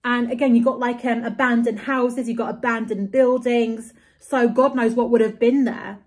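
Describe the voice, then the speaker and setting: A woman's voice: a little high, fairly even intonation, normal speed, darkish tone. Exasperated young woman ranting. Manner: exasperated, swears often, rambling with many fillers. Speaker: vlogger. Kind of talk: casual vlog rant.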